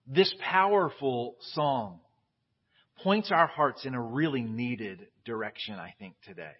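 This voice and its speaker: A man's voice: medium pitch, animated, unhurried, breathy edge. A man preaching as a pastor in a casual, candid sermon, chatty and restarting his phrases. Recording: dull lo-fi audio.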